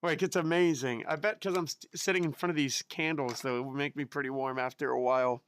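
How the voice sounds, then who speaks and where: A man's voice: fairly high pitch, steady tone, a little fast, fairly bright tone, a little hiss or hum. A man from the United States chatting casually with his live-stream audience in a chatty, giggly way, with an unusual voice. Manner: chatty, giggly, reacts to chat.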